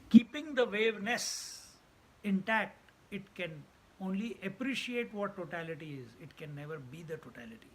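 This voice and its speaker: A man's voice: high-pitched, lively intonation, moderate pace, a bit bright, low-quality recording. A man giving a spiritual discourse as a teacher, repeating key phrases for emphasis. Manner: laughs often while telling stories.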